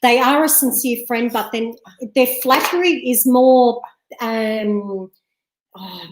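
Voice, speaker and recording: A woman's voice: a little high, takes it slowly, echoey room, background noise. A woman hosting a live psychic reading, chatty and giggly, calling viewers love and darling.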